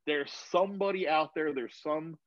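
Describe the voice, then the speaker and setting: A man chats over a video call from his phone, rambling through a story and swearing freely. His voice sits a little high and sounds dry and close. The audio is slightly dull. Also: moderate pace, no echo. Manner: rambling, swears freely, animated when retelling. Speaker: guest.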